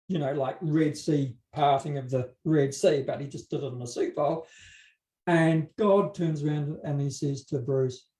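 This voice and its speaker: Captured from afar in a spacious hall, a preacher spins casual stories with joking asides in a conversational sermon. He speaks a little slowly, with a slightly high, warm voice.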